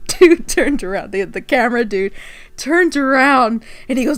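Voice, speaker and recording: A woman's voice: high-pitched, big pitch swings, moderate pace, no echo, soft background music. A woman vlogger telling a story in a casual way, laughing often and acting out the quotes.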